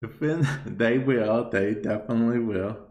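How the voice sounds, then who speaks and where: A man hosting a casual podcast chat, relaxed and easygoing, laughing often. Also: medium pitch, a little slow, echoey room. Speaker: podcast host.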